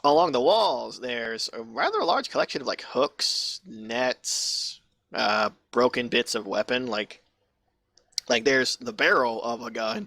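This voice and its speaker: A man's voice: medium pitch, gravelly, pushed and bright, breathy edge, no echo. A man narrating a tabletop game as game master, casual and rambling, swearing freely.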